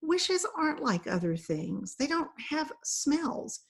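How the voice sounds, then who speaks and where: A woman reading aloud, voicing a brisk, impatient young fairy girl on an important mission. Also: high-pitched, big pitch swings, vocal fry, voice pushed up, heavily acted. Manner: brisk and impatient, quick to snap.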